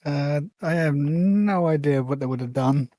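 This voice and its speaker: A male podcast co-host speaks in a mellow, dark tone, chatting casually and dropping short, relaxed reactions. The sound is close and dry, with no room around it. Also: a little high, a little slow, dry recording. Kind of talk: casual chat.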